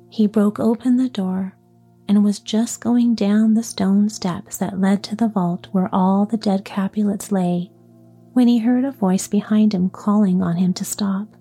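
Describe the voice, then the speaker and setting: A woman reading a storybook tale aloud in a soft, often whispery voice. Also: medium pitch, slightly rough. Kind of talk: scripted storybook narration.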